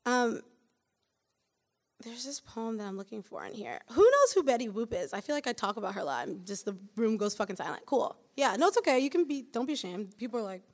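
A woman's voice: fairly high pitch, big pitch swings, brisk. A woman poet talking casually between poems at a reading, with frequent swearing and laughing asides.

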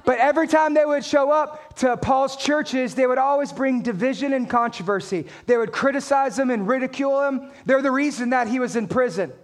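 A man's voice: very high voice, brisk, hardly any pauses. A man preaching a sermon as a pastor, talking straight to his congregation with emphatic points and playful jokes.

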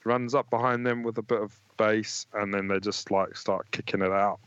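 A man's voice: lowish voice, fairly even intonation, moderate pace, noisy background. A male co-host explaining tabletop game rules in a matter-of-fact, easygoing way, laughing easily. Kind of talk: casual game rules discussion. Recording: dull lo-fi sound.

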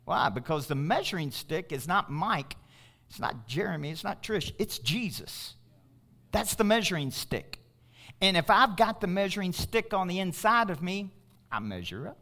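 A man's voice: high voice, big pitch swings, moderate pace, pushed and bright. A middle-aged male pastor preaching a sermon, emphatic and calling out to his congregation.

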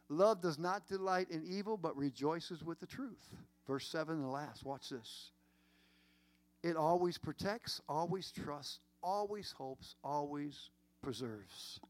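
A man preaching a sermon, emphatic and repetitive, with dramatic pauses. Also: a little high, no echo. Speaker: pastor.

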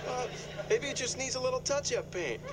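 A man's voice: very high-pitched, animated, brisk. An actor playing an upset father who forces a strained, cheerful front. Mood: forced cheer. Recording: sitcom clip with background noise.

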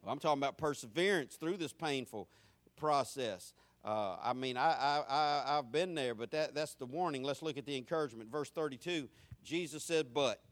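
A middle-aged man, a pastor, preaching with rhythmic repetition, swinging between loud, driving lines and low, hushed ones. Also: normal speed, no echo. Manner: repetitive, rhythmic phrasing with homespun asides. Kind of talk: sermon.

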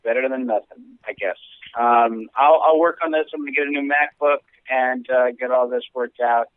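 A man's voice: mid-range voice, fairly even intonation, normal speed, smooth, dry recording. A man co-hosting a casual podcast chat from out of town, joking and acting out panicky parents. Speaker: podcast co-host. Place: remote call from out of town. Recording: tinny phone-line call.

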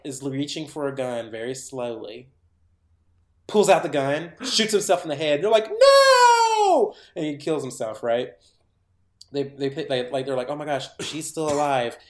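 Podcast co-host, male, chatty and rambling, echoey room sound. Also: mid-range voice. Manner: animated rambling retelling full of "like"s. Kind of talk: casual chat. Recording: roomy echo.

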